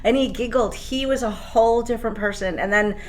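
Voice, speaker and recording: A woman's voice: on the high side, a little fast. A woman guest in a podcast interview, telling stories with enthusiasm and frequent "you know". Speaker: guest, program coordinator. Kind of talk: casual interview.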